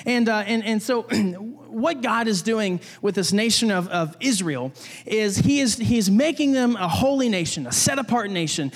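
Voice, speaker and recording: A man's voice: high voice, long reverb tail. A young man preaching a casual sermon, talking conversationally with restarts and jokey asides. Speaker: pastor.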